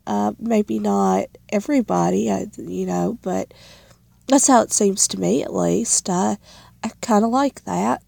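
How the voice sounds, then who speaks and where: A young woman talks slowly through a casual vlog challenge, laughing at herself as she goes. Her voice is mellow and full of vocal fry. The sound is dry and close, with no room around it. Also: mid-range voice, no echo. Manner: rambling, giggly, self-deprecating. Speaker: vlogger.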